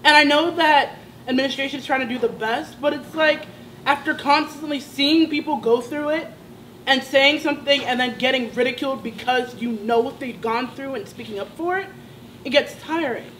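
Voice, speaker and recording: A woman's voice: sits high, moderate pace, a bit bright, a little hiss or hum, low-quality recording. A young woman, a college student, giving an impassioned and emotional personal testimony at a student sit-in. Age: young adult. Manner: impassioned, emotional, rising to indignant outbursts.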